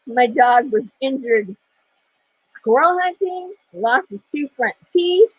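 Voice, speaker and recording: A woman's voice: sits high, expressive, slow, husky, no echo. Chatty woman telling stories with laughs. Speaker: craft vlogger. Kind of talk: casual chat while crafting. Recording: dull lo-fi sound.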